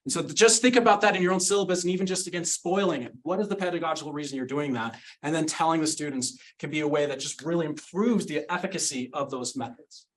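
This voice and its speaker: A man's voice: fairly high pitch, fast, hardly any pauses, poor audio. A middle-aged man from Utah, a sociology teacher giving an earnest, reflective conference presentation. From Utah, United States. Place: conference breakout room.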